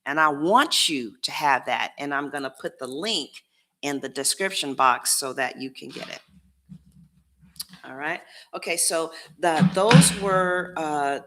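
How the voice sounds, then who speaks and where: A woman reads tarot cards in a relaxed, unhurried way, taking her time over each thought. Her voice sits a little low yet comes across bright and forceful. She is blunt and preachy, and drops slangy asides straight to her viewers. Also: slight background noise. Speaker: tarot reader. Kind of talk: casual tarot reading.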